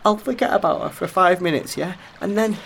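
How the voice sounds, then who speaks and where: A high-pitched, gravelly young Englishman, played by a man, drugged and heartbroken. His voice leaps wildly up and down, cracks and sobs, with a faint hiss of noise behind him. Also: expressive, a little fast, fairly bright tone, heavily acted, rough recording. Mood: despairing. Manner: emotional, voice swinging high and low, breaking into sobs. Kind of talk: audio drama acting.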